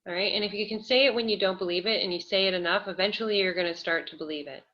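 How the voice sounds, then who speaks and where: A woman energy healer guiding a listener gently, with a coaxing, hesitant way of talking. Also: medium pitch, racing. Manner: gentle, coaxing, many fillers and laughs. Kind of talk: live energy healing session. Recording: dull lo-fi audio.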